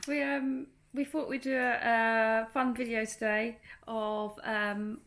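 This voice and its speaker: A woman's voice: on the high side, flat delivery, slow pace, a bit bright. Chatty woman co-hosting a home vlog. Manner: chatty, laughs often, many fillers and restarts. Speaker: vlog co-host. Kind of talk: casual chat. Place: home in rural France.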